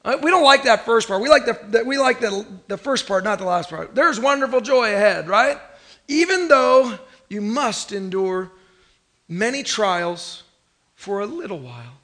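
A pastor from Northern California delivers a sermon in a noticeably high voice for a man. He talks casually but with emphasis, often repeats his phrases, and calls on the congregation to respond. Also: big pitch swings, normal speed, bright, forceful tone.

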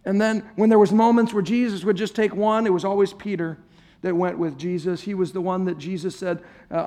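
A man's voice: sits high, steady tone, brisk, mellow. A man preaching a sermon to a congregation in a church, conversational and playful, joking with his listeners. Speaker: pastor. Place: church service before a congregation.

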